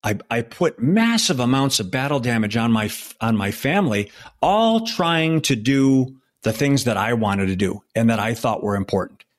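A man's voice: medium pitch, animated. Earnest man in his sixties. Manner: earnest and emotional, halting with many restarts. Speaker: former undercover federal agent, guest. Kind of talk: personal storytelling in an interview.

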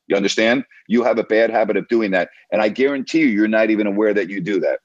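A man's voice: on the low side, fast, few pauses, dry recording, muffled recording. A man hosting a sports radio show, coaching a caller in an emphatic, repetitive, lecturing way.

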